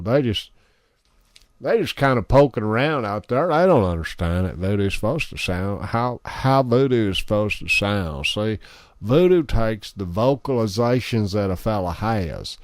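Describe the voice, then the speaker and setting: A lowish-voiced man running an amateur radio station demos his gear into a close studio mic with no echo. He's boastful, crude and folksy as he talks it through.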